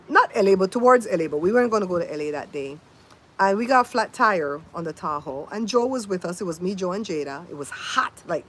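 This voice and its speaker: An older woman, a grandmother, hosting a casual livestream outdoors, telling stories and mimicking sounds as she chats to viewers by name. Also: mid-range voice. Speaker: livestream host. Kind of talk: casual livestream chat and storytelling. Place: outdoors in wind. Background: faint wind noise.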